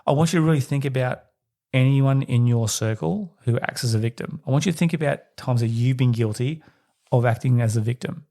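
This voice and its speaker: A man's voice: brisk, mellow. A man hosting a solo parenting podcast, talking to listeners in a reflective, conversational way. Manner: acts out quoted voices in a higher pitch. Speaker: podcast host.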